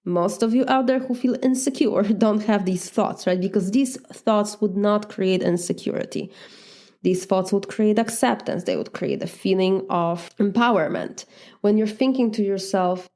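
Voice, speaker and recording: Woman, Eastern European accent, life coach doing a solo podcast; mellow, earnest, reflective. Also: mid-range voice, moderate pace. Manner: earnest, reflective, frequent "right?" asides.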